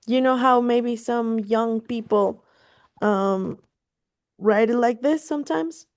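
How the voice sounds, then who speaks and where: Taking it slowly in a fairly high voice, a woman tutors Spanish online one-on-one over a video call. She's casual and encouraging, moves between English and Spanish, laughs easily, and swears in passing.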